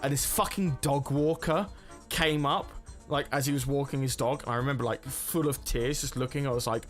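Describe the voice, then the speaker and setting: Over soft background music, a young man streams a racing game and chats casually, rambling, swearing, and often stopping and restarting sentences. His mid-range voice is steady and at normal speed.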